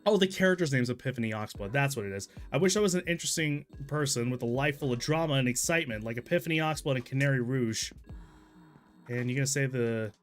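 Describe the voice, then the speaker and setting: A man's voice: medium pitch, fast, soft background music. A man streaming a story game, rambling casually, swearing freely and laughing at himself. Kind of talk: casual let's-play commentary.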